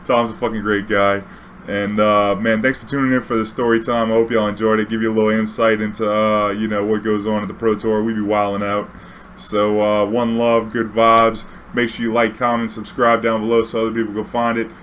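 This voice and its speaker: A man's voice: on the low side, little pitch movement, a little fast, a bit bright, a little hiss or hum. A young man, telling a casual, profane, slang-heavy story as a vlog host. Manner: profane, laid-back, full of slang and fillers.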